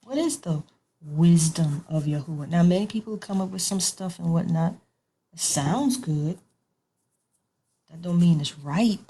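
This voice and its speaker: A woman's voice: lowish voice, unhurried, pauses often, warm tone, breathy edge. A woman giving an informal online sermon as a Bible teacher, conversational and repetitive, with colloquial grammar.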